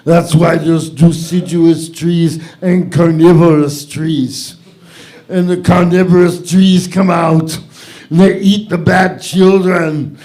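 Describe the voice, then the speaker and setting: A man doing an impression of a gruff action-star strongman with a put-on Austrian German accent, telling a village tale slowly with many fillers. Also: high voice, a little mellow, pitched above the performer's own voice. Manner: slow, halting delivery with many fillers. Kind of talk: stand-up celebrity impression.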